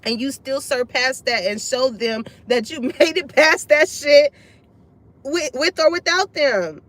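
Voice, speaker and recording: Woman, high voice, casual tarot reading, profane, blunt, laughs a lot. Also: animated, measured pace, a bit bright, rough recording. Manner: blunt, profane, laughs often, acts out others' lines. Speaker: tarot reader. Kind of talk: casual spoken reading to viewers.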